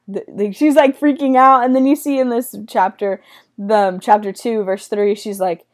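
A young woman teaching a casual Bible study in a chatty way, acting out quotes with excited squeals. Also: mid-range voice, normal speed.

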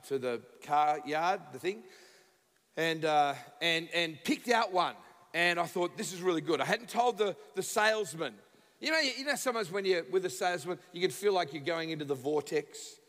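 Australian male guest preacher, high bright voice, animated storyteller, reverberant church hall. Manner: animated, acts out dialogue, bursts into shouts. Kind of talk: humorous sermon storytelling. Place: church sanctuary.

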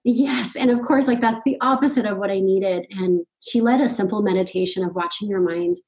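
A middle-aged woman recounts a personal turning point in relaxed podcast conversation. Her voice sits at a medium pitch, and she talks animatedly with frequent laughter. The audio is slightly dull and lo-fi. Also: fairly quick. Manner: animated, laughs often, quotes her own thoughts. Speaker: podcast guest. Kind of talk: casual conversational storytelling.

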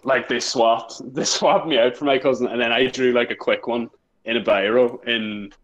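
A man's voice: medium pitch, steady tone, normal speed, highs cut off. A young man telling a school story in casual chat with friends, rambling through fillers and laughing often. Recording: faint background noise with clicks.

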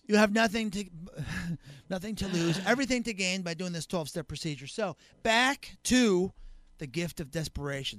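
A high-pitched man with a bright, ringing voice talks with animated, joking energy, slipping into quick character bits and raising his voice. The sound is dry and close. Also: no echo. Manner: animated, joking, acts out scenes in voices, gets loud. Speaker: guest co-host. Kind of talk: casual podcast chat.

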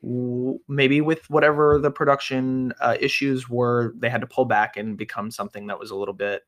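A man's voice: mid-range voice, little pitch movement, normal speed. Hesitant man with mid-range voice. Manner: thoughtful, hesitant, many fillers. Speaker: podcast co-host. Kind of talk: casual film review chat.

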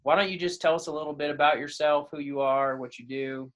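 A man's voice: a little high, fairly even intonation, fairly quick, a bit bright. A man co-hosting a podcast, friendly and full of questions. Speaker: podcast co-host. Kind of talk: casual podcast conversation.

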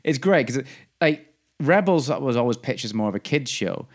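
A man's voice: medium pitch, lively intonation, moderate pace. A man co-hosting a podcast in casual chat, rambling through fillers and restarts and gushing about shows he loves. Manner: enthusiastic. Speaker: podcast co-host.

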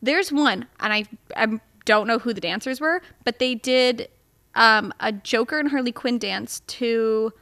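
A young woman in her twenties co-hosting a podcast, chatting about pop-culture gossip with quick asides and frequent laughter. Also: on the high side, fairly bright tone. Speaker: podcast co-host. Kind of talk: casual chat.

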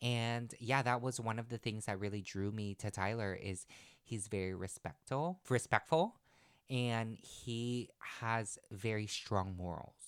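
A woman's voice: extremely low pitch, measured pace, clear, resonant tone, no room sound, studio quality. A woman co-hosting a podcast in casual chat, effusive and often gasping and exclaiming. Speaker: podcast co-host.

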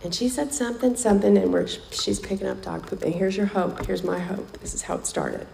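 Brisk and barely pausing, this woman speaks on the low side with vocal fry and a darkish tone. She shares her personal story candidly and emotionally at a recovery meeting, repeating phrases for weight, in an echoey room with faint background noise.

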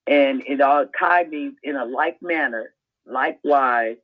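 A mid-pitched voice on a dull, lo-fi call line. This co-host in a casual Bible study chat explains what words mean and spells them out letter by letter. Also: measured pace. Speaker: podcast co-host.

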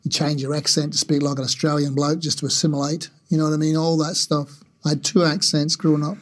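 A man's voice: fairly high pitch, level tone, quick pace. A man talking casually and reflectively in an interview, with conversational fillers.

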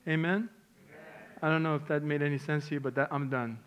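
A middle-aged male pastor preaching a sermon, telling a personal story with strong swings from hushed, quiet lines to loud, emotional ones. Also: fairly high pitch, steady tone, a little fast, highs cut off.

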